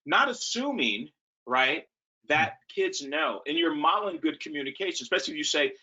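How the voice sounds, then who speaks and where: A man who coaches, telling animated stories in a casual webinar talk. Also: on the high side, a little fast, creaky. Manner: animated storytelling. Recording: muffled lo-fi call audio.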